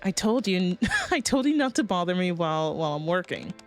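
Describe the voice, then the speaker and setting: A woman's voice: fairly low pitch, very animated, a little fast, faint music behind. Woman reading as a brusque female researcher. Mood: impatient.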